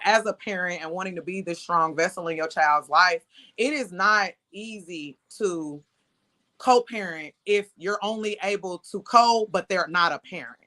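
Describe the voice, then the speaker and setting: A woman in her 30s speaks frankly and conversationally as an interview guest, laughing readily as she talks candidly. Her voice is on the low side, bright and forceful.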